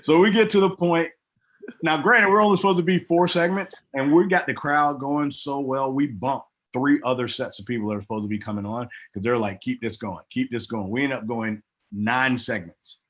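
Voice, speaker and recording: A middle-aged former wrestler, a man, telling stories in a casual interview, acting out other people's lines with big jumps in his voice. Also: normal speed. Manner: animated storyteller, acts out quotes with big pitch jumps. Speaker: guest, former pro wrestler.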